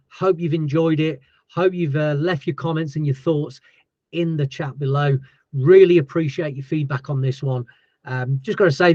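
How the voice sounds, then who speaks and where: A man hosting a casual livestream chat as a label owner, chatty and thankful, his voice going hoarse. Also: fairly high pitch, darkish tone, dry recording, muffled recording. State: losing his voice.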